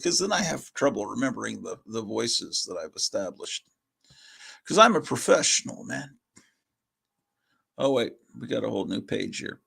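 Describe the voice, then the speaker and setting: A man's voice: mid-range voice, gravelly, a bit bright, husky. A man hosting a casual livestream, rambling and self-deprecating as he reads old comics and swears under his breath. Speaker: host.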